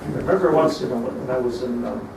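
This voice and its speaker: A man's voice: mid-range voice, fast talker, gravelly, background noise. A middle-aged man, a rabbi, giving a storytelling sermon that mixes Hebrew terms into English and builds to emphatic peaks. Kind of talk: sermon on lamentations. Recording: echoey room, mic at a distance, faint ambience.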